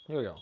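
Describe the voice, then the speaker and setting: A man teaching a trumpet warm-up in a practice room, talking casually, thinking aloud with fillers and the odd cleared throat. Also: fairly high pitch, a little hiss or hum. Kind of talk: casual instructional talk.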